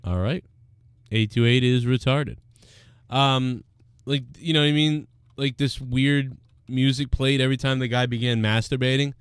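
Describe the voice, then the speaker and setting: A man's voice: medium pitch, steady tone, moderate pace, smooth, dry recording, studio quality. A man hosting his own show, rambling crudely and profanely in casual commentary. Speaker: show host. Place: Boston area.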